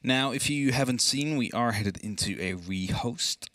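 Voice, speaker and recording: A young man casting an esports match, chatty and energetic, laughing easily. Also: mid-range voice, a little slow, dry recording. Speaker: esports caster. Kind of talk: esports commentary.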